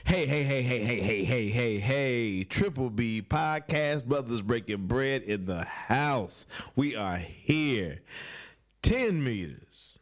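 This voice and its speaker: A man's voice: medium pitch, takes it slowly. A man hosting a casual podcast, joking and profane, laughing often and mimicking other people. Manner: animated, laughing, profane, does mocking voices. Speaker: podcast host. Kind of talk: casual comedic podcast banter.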